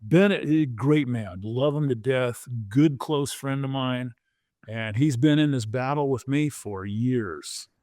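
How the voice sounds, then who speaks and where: Man in his 60s, podcast guest, animated storyteller, stumbling restarts, dry close sound. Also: medium pitch, slow, no echo. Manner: animated, stumbles and repeats words, acts out quotes. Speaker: podcast guest, former pro football player. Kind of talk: conversational storytelling.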